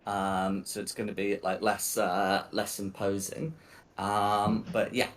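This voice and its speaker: A man narrating a tabletop game as game master, often pausing and restarting his sentences. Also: on the low side, little pitch movement. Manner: hesitant, many ums and restarts.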